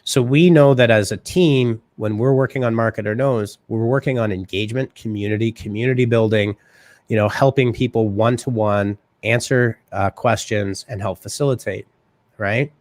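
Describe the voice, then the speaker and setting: A man hosting a live marketing show, talking fast and casually and often checking in with "right?". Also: fairly low pitch, a little mellow, dry recording. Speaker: host.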